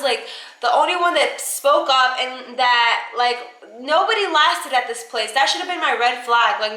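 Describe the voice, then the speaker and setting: A young woman telling a story in a casual vlog, animated and full of fillers. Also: high-pitched. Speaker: vlogger. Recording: echoey room.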